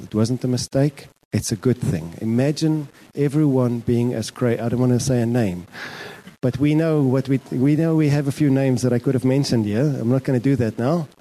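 Mellow-voiced male pastor, chatty animated preacher, mid-pitched. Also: rough recording. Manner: animated, conversational preaching with dramatized prayers. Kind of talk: sermon.

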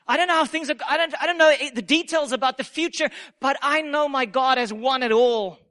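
A man preaching a sermon in a playful, animated way, acting out little quotes and laughing at his own jokes. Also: extremely high pitch. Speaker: pastor.

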